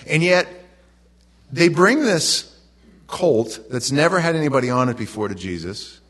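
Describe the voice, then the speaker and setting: A middle-aged man preaching a sermon, telling the story in a relaxed, conversational way with lively asides to the congregation. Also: medium pitch, unhurried. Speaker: pastor.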